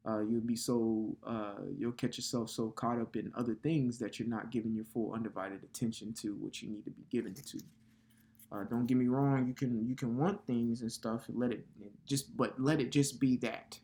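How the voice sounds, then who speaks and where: A man's voice: mid-range voice, fairly even intonation, moderate pace, dark tone. A man teaching scripture in a loose, conversational way, with casual swearing and frequent filler tags like "okay" and "all right". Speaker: bible teacher. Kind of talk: casual sermon.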